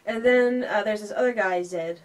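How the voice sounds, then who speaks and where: A woman's voice: medium pitch, moderate pace. A woman co-hosting a casual film review chat, sardonic and acting out the characters' lines as she recaps.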